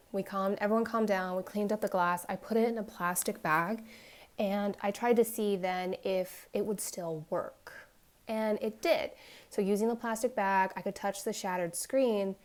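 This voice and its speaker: Young woman vlogger chatting while she crafts, animated storyteller. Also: mid-range voice. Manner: animated, acts out quoted voices. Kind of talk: casual storytelling chat.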